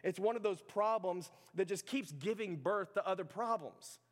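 A high-pitched man preaches in a loose, chatty way, filling his talk with "like" and "right". His voice rings out with a long hall reverb, as if from a church sanctuary. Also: normal speed. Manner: conversational preaching, many "like" and "right" fillers. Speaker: pastor. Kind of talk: sermon.

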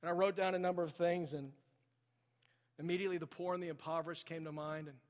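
A man's voice: on the high side, fairly even intonation, fast talker, in a large hall. A man preaching a sermon in a church, telling a story and building to impassioned emphasis. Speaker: pastor. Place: church sanctuary.

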